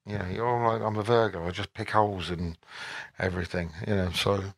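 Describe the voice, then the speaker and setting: A man's voice: lowish voice, fairly even intonation, a little fast, creaky. Rambling older man answering questions. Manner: rambling, self-correcting, wry. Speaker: musician guest at a Q&A. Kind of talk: relaxed conversational Q&A answers.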